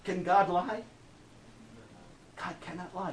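A man with a strikingly high voice preaches a sermon to a congregation. His delivery climbs into ringing, stretched-out shouts of proclamation, then falls back to a soft, intimate call. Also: animated, slight background noise. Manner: rises into shouted, drawn-out proclamations, then drops to a hushed altar call.

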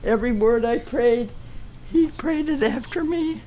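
A woman's voice: on the high side, unhurried, mellow, a little hiss or hum. A woman giving an earnest, emotional personal testimony to a church gathering.

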